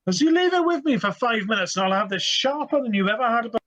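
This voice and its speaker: A man's voice: very high voice, lively intonation, fast, a bit bright, pitched above the performer's own voice. A man voicing a friendly, hearty male dwarf blacksmith in a tabletop game. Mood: jovial. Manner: hearty, haggling good-naturedly.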